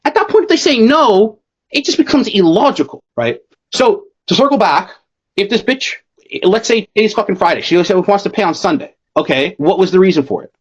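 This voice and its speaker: Fast, high-voiced, foul-mouthed male sales coach. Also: slightly rough. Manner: blunt, swears constantly, fast and animated. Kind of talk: profane casual coaching call. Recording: dull lo-fi call audio.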